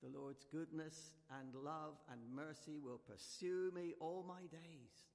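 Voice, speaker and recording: A man preaching a gentle, conversational sermon in a church, leading the congregation to join in. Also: on the high side, measured pace, creaky. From United Kingdom. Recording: reverberant church hall.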